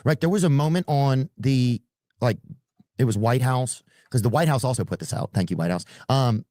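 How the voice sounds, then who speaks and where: A man telling a casual, rambling story, halting and searching for words as he goes. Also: medium pitch, animated, darkish tone, no echo, clean studio sound.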